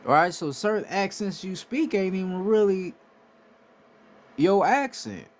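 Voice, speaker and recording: A man's voice: high-pitched, lively intonation, unhurried. A man from the United States giving a casual, emphatic monologue, swearing freely and often asking "right?" to drive his points home. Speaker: spiritual commentator.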